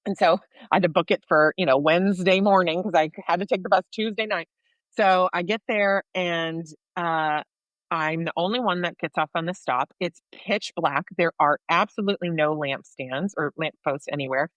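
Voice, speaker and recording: An American woman co-hosting a podcast, telling a personal story in a lively way and acting out the voices of people in it. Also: lowish voice, normal speed, no echo, dull audio. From United States. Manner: animated storyteller, acts out dialogue. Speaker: podcast co-host sharing her faith story.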